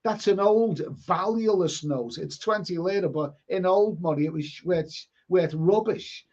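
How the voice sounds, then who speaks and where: A man's voice: high-pitched, a little slow, a little mellow. A man hosting a casual live stream, reading viewer comments and telling rambling stories with blunt, mildly sweary asides. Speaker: livestream host reading chat. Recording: dull lo-fi stream audio.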